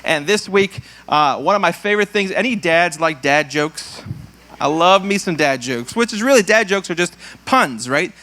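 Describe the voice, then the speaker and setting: A man's voice: sits high, lively intonation, normal speed, bright, forceful tone. A playful man with a slightly raised voice, a pastor working through prayer and church notices. He loves a pun, acts out jokes in goofy voices and chuckles at his own lines. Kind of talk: church service prayer and announcements.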